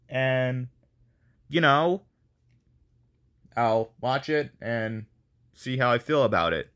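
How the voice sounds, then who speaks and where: A man's voice: medium pitch, fairly bright tone, clean tone. A man casually chatting to viewers as he runs a voice casting call, rambling and self-deprecating. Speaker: video creator running a voice casting call.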